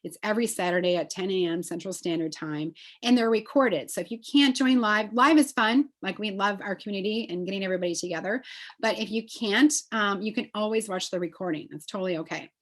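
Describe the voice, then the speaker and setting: A woman's voice: mid-range voice, a little fast. A woman presenting a live online class, talking enthusiastically and casually with many fillers, heard through a computer mic. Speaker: essential oils presenter.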